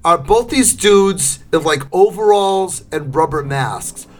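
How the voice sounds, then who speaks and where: Man, middle-aged, podcast co-host, casual chat, animated, fairly high voice. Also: slow pace. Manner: animated, acts out scenes in loud shouting bursts.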